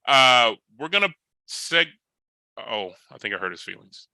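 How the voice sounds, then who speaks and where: A man's voice: medium pitch, very animated, measured pace, creaky, bright, forceful tone, no room sound, rough recording. A man co-hosting a podcast, teasing the others in a playful, slangy way. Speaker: podcast co-host. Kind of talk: casual podcast chat.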